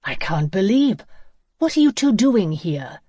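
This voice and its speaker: Woman reading as honest teenage boy, indignant, forceful, storybook, dry sound. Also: on the low side, moderate pace, no room sound, natural voice. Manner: forceful, reproachful.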